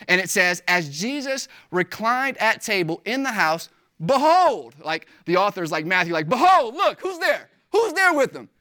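A pastor preaches with lively, emphatic energy. The talk stays casual and slangy, and the pitch swings up high to stress key words. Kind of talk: sermon.

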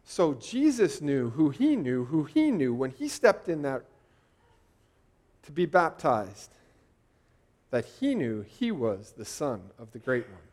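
A man's voice: medium pitch, big pitch swings, slow pace, long pauses, a little mellow. A man in his forties preaching a sermon, talking conversationally and putting rhetorical questions to the congregation. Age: 40s.

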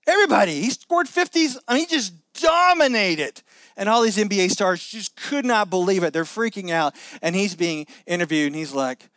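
A middle-aged man preaching a sermon, animated, acting out quoted voices with many restarts. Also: sits high, moderate pace, no echo. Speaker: pastor.

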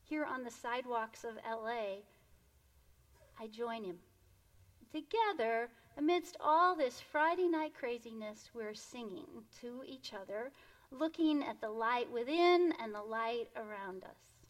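Slow, soft-spoken woman storyteller. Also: a little high, animated. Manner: gentle, unhurried, often dropping to a soft hush. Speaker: storyteller and meditation guide. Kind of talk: personal storytelling and guided reflection.

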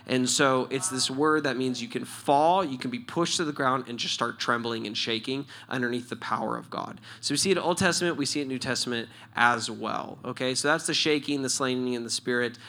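Animated, bright-voiced male church leader. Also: medium pitch, fairly quick. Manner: animated, storytelling, laughs often. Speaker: church leader answering questions. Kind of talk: casual spoken teaching.

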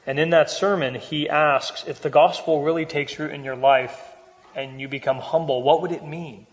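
A man's voice: a little high, steady tone, moderate pace, in a large hall, poor audio. A man preaching a sermon, talking to the congregation in a conversational way and asking them rhetorical questions. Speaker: pastor.

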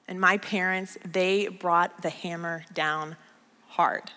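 A woman's voice: fairly low pitch, fairly even intonation, slow, pushed and bright, in a large hall. A woman pastor giving a conversational sermon, telling stories and repeating key lines for emphasis. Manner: storytelling, emphatic repetition.

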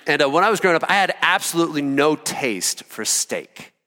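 A male pastor from Iowa delivering an impassioned sermon, swinging between shouted peaks and quiet, intimate stretches. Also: on the high side, lively intonation, fairly quick. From Iowa, USA. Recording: long reverb of a church hall.

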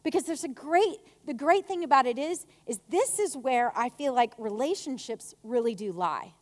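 A woman giving a chatty, animated faith talk to a women's gathering, telling stories with acted asides. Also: sits high, moderate pace. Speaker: speaker at a women's church gathering. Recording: long hall reverb.

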